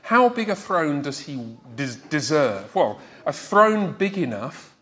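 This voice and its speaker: A man's voice: a little high, big pitch swings, slow, fairly bright tone. Emphatic man preaching a sermon. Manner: emphatic teaching, quizzes listeners.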